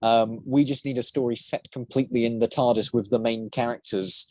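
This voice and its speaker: A man's voice: mid-range voice, fairly even intonation, fairly quick, a little mellow, no echo. A man speaking as a guest voice actor and prop maker in casual podcast chat, rambling with many restarts.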